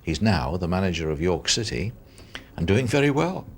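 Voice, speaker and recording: A man's voice: deep voice, sing-song, normal speed, background noise. An older man, a club chairman, telling a rambling anecdote in an interview. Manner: rambling anecdote with ums and uhs. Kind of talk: interview recollection.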